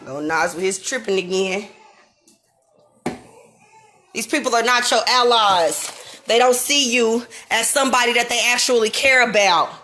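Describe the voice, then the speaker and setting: A woman in her thirties ranting at home, with a high, bright, edgy voice. She is heated, profane and emphatic, and at times close to tears. A faint hiss sits under the recording. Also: moderate pace, pauses often. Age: 30s. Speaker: vlogger. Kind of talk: unscripted rant to camera. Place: home kitchen.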